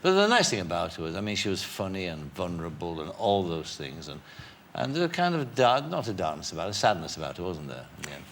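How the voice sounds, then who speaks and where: A man's voice: sits low, big pitch swings, fast talker, few pauses, slight background noise. An older man with a Yorkshire accent hosting a television talk show, interviewing a guest with leading questions. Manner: leading questions, warm prompting.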